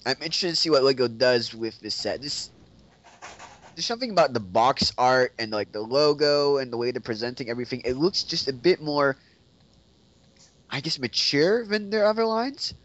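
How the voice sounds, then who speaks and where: A man's voice: mid-range voice, expressive, normal speed, fairly bright tone. A man co-hosting a casual podcast who talks hesitantly, restarting his sentences and saying "like" often. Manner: hesitant, restarts a lot and leans on "like". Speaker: podcast co-host. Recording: dull lo-fi audio.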